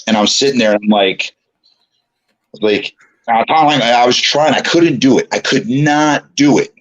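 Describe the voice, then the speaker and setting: A man's voice: medium pitch, moderate pace, lo-fi sound. A middle-aged man, a guest on an interview show, telling a long anecdote with laughter and acted-out lines of other people. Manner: animated, laughing, acts out voices. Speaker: guest, former wrestler. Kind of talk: storytelling anecdote.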